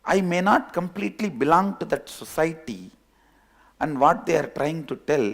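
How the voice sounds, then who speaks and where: A man, a spiritual teacher telling a parable in a sermon, unhurried and soft-spoken. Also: fairly high pitch, lively intonation, gravelly. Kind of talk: sermon with storytelling.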